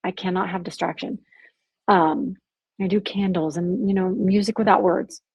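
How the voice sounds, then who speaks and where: A woman speaks with a gravelly, somewhat husky voice as a podcast guest. She talks earnestly and with animation, leaning on "like" as she goes. The sound is close and dry. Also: medium pitch, moderate pace, dry recording, lo-fi sound. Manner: earnest, animated storytelling with frequent "like". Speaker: podcast guest, abuse survivor. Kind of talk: candid faith podcast conversation.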